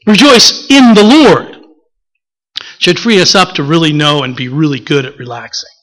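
A man from the preaching a relaxed, conversational sermon, often pausing with filler words and acting out little stories. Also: fairly high pitch, poor audio. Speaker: pastor.

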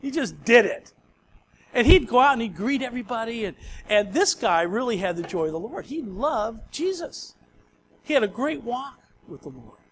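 A man's voice: extremely high pitch, very animated, moderate pace, a little hiss or hum. A male pastor preaching a sermon in a conversational storytelling way.

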